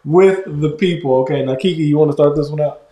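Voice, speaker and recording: A man's voice: fairly high pitch, fast talker, background noise. A man co-hosting a casual podcast, laid-back and folksy, laughing often as he talks. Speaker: podcast co-host. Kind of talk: casual chat. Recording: roomy echo.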